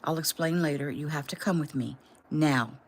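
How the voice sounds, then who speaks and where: A woman's voice: deep voice, moderate pace. A woman reading a firm male rescuer.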